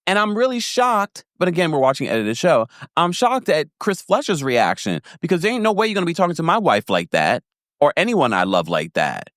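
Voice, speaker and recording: A man giving a casual, animated recap of a reality show, laughing often and acting out quotes in a higher voice. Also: brisk, dry recording, clean studio sound. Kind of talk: casual commentary.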